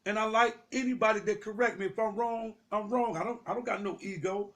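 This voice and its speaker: A man's voice: sits high, fairly even intonation, a little fast, a bit bright. A young man giving heated, profane street commentary, confrontational and repetitive, swearing freely.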